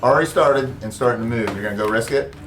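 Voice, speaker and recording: A man running a tabletop zombie game as game master, narrating with an animated delivery. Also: fast, roomy sound, noisy background. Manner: animated, acts out panicked characters in high voices.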